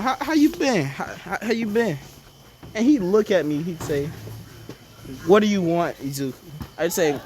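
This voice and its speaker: Man, improvised comic storytelling, rambling, faint background hiss. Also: sits high. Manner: rambling, joking, acts out dialogue with stammers.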